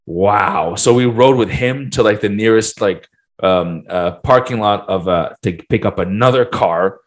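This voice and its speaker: A man's voice: on the low side, moderate pace. A young man co-hosting a casual podcast, telling a long rambling story full of fillers and restarts. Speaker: podcast co-host. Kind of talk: casual chat.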